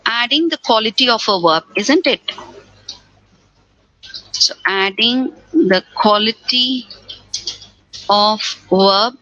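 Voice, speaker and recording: Woman teacher, fairly high and bright, explains grammar step by step with rhetorical questions. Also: slow, pauses often, dry recording, dull audio. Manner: repeats key words, asks rhetorical questions. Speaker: English teacher. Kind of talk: exam-prep grammar lesson.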